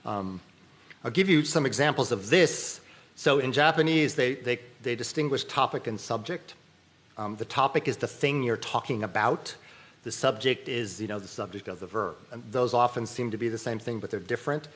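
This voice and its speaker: A man's voice: medium pitch, moderate pace, a bit bright. A middle-aged man giving a university symposium lecture, explaining ideas casually and checking in with the audience by saying "okay.". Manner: conversational lecturing with frequent "okay" and restarts. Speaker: academic dean giving a symposium talk. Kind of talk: lecture on linguistics.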